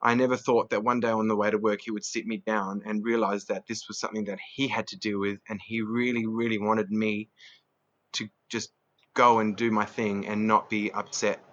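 Earnest low-voiced man, muffled. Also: little pitch movement, normal speed, a bit bright. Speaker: guest. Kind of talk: candid personal storytelling. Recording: dull lo-fi sound.

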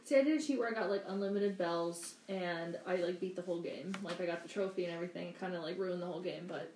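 Quick-talking woman, distant roomy audio. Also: on the low side, darkish tone. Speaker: guest. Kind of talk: casual chat. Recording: roomy remote audio from far off, faint noise.

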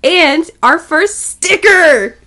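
A woman co-hosting a casual podcast, giggly and excitable. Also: extremely high pitch, drawn-out words. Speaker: podcast co-host.

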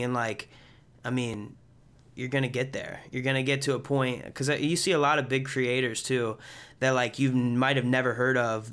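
A man's voice: medium pitch, a bit bright, clear, resonant tone. A young man hosting a podcast interview, upbeat and encouraging, calling his guest dude. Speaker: podcast host. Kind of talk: casual interview chat.

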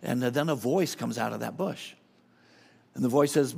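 A man's voice: mid-range voice, moderate pace, creaky, a little mellow, husky. A middle-aged man preaching a sermon as a guest speaker, emphatic and casual, often repeating his phrases.

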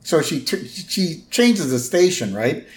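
A man talks through a cartoon episode in a relaxed podcast chat. His voice swings freely up and down as he acts out lines and sound effects. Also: fairly high pitch, takes it slowly, a little hiss or hum. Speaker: podcast co-host. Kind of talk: casual episode recap chat.

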